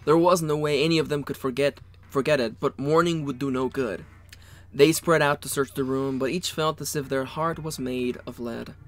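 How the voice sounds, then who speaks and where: A man's voice: medium pitch, steady tone, moderate pace, faint music behind. Joking man reading game text. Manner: playful, jokey, mock-dramatic reading. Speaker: let's play co-host.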